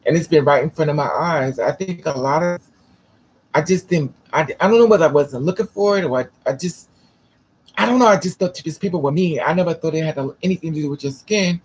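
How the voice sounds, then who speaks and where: A man's voice: a little high, darkish tone, a little hiss or hum. A man vlogging, telling a personal story casually, rambling with restarts and swearing.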